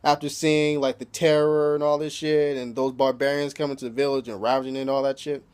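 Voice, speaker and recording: A man's voice: medium pitch, level tone, fairly quick, a little mellow, smooth. A man casually recapping a TV episode in loose, profane talk, filling his sentences with "you know" and chuckling as he retells scenes. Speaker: TV episode reviewer.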